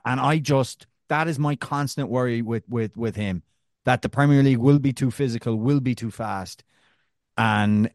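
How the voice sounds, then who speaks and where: A man from Arkansas co-hosting a casual sports podcast, jokey and animated, often laughing. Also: medium pitch, dry recording, clean studio sound. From Arkansas, USA. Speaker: podcast co-host.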